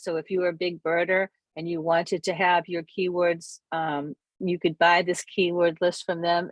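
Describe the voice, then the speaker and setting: Gravelly presenter walking through software. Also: mid-range voice, no room sound. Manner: thinks aloud, self-correcting while demonstrating. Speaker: camera club workshop presenter. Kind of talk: casual software walkthrough.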